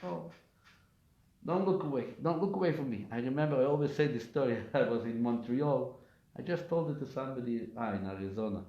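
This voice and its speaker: A man's voice: mid-range voice, warm tone. A man, a rabbi, giving a weekly class, telling stories and asking rhetorical questions with emphasis. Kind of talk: weekly Torah class lecture. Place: live class in a community center. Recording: echoey room, dull lo-fi sound.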